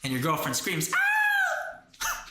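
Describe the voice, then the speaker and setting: A man's voice: mid-range voice, big pitch swings, moderate pace, noisy background. A man hosting a casual livestream, telling crude slangy stories and laughing often. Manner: slangy storytelling. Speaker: livestream host.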